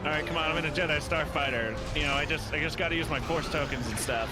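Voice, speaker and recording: A man co-hosting a charity game stream, excitable and exclamatory, reacting loudly to the action and laughing often. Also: a little high, fast talker. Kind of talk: live gameplay commentary. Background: loud game music.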